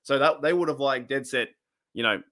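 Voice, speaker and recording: A middle-aged Australian man hosts a live podcast, spinning a long, rambling story packed with slang, restarts and laughter. His mid-range voice moves at a normal speed and sounds pushed and bright. The studio-quality recording has no room sound.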